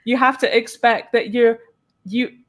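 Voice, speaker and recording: High-voiced chatty woman host. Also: steady tone, measured pace, fairly bright tone. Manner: chatty and laughing, acting out her own reactions. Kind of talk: casual live-stream chat.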